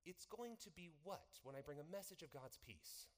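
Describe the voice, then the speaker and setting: A pastor delivers a sermon in a church, his pitch swinging widely as he keeps tossing questions out to the congregation. His voice rings through a large hall with a long reverb tail. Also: moderate pace. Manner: animated, asks the congregation questions.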